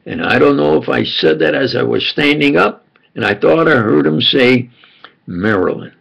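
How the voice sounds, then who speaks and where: An older American man giving a rambling, unrehearsed monologue full of fillers and restarts, with a gravelly, husky voice. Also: on the high side, moderate pace, a bit bright, poor audio. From United States. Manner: meandering, with frequent fillers and restarts. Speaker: self-styled preacher recounting memories.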